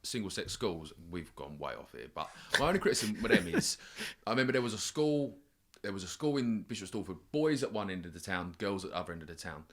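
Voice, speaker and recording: A man's voice: deep voice, big pitch swings, quick pace. A man, a podcast guest chatting frankly and swearing in his anecdotes. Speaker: podcast guest, business owner. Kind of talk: casual chat.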